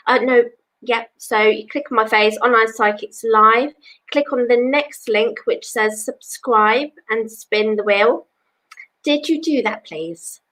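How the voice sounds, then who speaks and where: A woman's voice: on the high side, bright, forceful tone, low-quality recording. A woman from England who reads cards as a psychic, chatting on a live stream with viewers in a rambling way, with many "you know"s. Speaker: psychic reader. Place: home.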